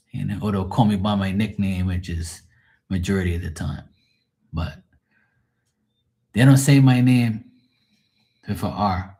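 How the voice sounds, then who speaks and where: A man from Bermuda, chatting casually on a livestream as a tarot reader, telling lively stories and swearing freely. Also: fairly low pitch, unhurried, long pauses. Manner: animated storyteller who swears freely and acts out other voices.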